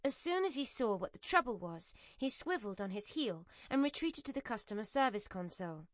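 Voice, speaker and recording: A woman's voice: on the high side, very animated, a little fast, no echo. Woman audiobook narrator, dry close sound.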